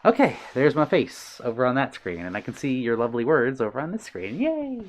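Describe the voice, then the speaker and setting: A man's voice: mid-range voice, lively intonation, a little fast. A man chatting casually on a live stream, reading viewer messages aloud with lots of ums and uhs, a little out of breath at times. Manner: friendly, reads chat messages aloud, many ums. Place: his own room on stream.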